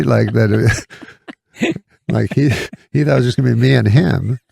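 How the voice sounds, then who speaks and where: A comedian telling a rambling story in a deadpan way, with halting restarts. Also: male voice, mid-range voice, gravelly, slightly rough, dry recording. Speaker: comedian guest. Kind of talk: casual storytelling on a podcast.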